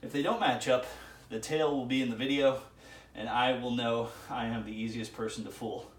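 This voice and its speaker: A man's voice: mid-range voice, fairly even intonation, moderate pace. A man talking casually to the camera during a gym workout, musing aloud between sets. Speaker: vlogger. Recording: echoey gym, far from mic.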